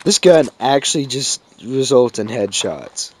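A man's voice: medium pitch, lively intonation, a little slow, noisy background. A man giving casual, sardonic commentary over his own gameplay footage, swearing freely and sounding a little sick. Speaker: gaming commentator. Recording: game gunfire behind voice.

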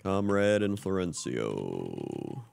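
Man, low voice, slow delivery, wry muttered reactions, live game commentary. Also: very animated, creaky, a little mellow. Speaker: streamer.

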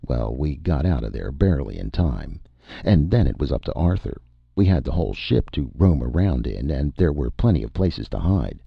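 Very deep gravelly male narrator. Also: big pitch swings, moderate pace, dry recording, lo-fi sound. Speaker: audiobook narrator. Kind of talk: scripted first-person narration.

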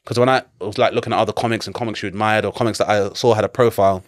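A man's voice: on the low side, very fast. A man in his forties with a London accent, a comedian telling stories in a casual interview, laughing often and swearing freely. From London, England. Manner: animated, laughing storyteller who swears often. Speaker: comedian guest.

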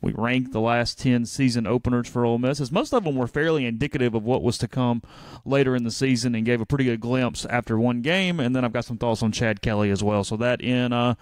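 A man co-hosting a casual sports podcast, briskly running through site content and chatting with his partner. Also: medium pitch, no echo. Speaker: podcast co-host.

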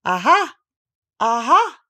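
A woman voicing a simple, humble male bear who speaks slowly and earnestly. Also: lowish voice, sing-song, vocal fry, heavily acted. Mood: practicing.

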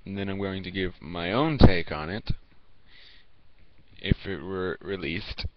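A teenage boy films a casual review and rambles through it, stopping and restarting with many fillers. His voice sits a little low, and the home recording sounds dull and lo-fi, with a faint hiss behind it. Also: unhurried. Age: teens. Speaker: video reviewer. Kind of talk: casual vlog talk to camera.

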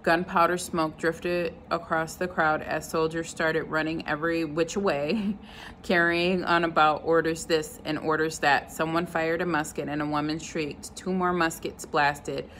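A woman reading a novel chapter aloud at an unhurried pace, now and then stopping to comment on the story. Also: low voice, fairly even intonation, fairly bright tone, a little hiss or hum, low-quality recording. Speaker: reader.

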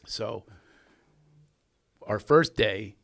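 A man hosting a podcast as a comedian, telling a story in an animated, laughing way. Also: on the low side, very slow, creaky. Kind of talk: casual storytelling chat.

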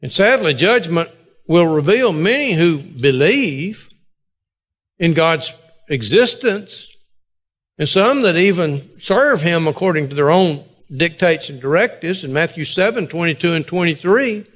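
High-voiced preacher. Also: male voice, animated, a bit bright. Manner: measured delivery with slow, emphatic pauses. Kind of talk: sermon. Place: church sanctuary.

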